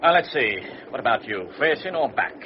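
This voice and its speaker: A man's voice: mid-range voice, animated, a little fast, lightly acted. Man playing a breezy, masterful young traveler. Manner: breezy, assured, jovial. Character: confident, masterful young male traveler, helpful and generous. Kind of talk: 1940s radio drama acting. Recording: muffled old radio recording, noisy background.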